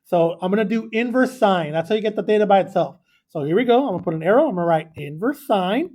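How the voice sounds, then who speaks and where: A man's voice: sits high, expressive, quick pace, a little mellow. A male math teacher giving a chatty classroom lesson, often asking the class questions and wandering off on tangents. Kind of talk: classroom lesson, recorded for video. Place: classroom with students.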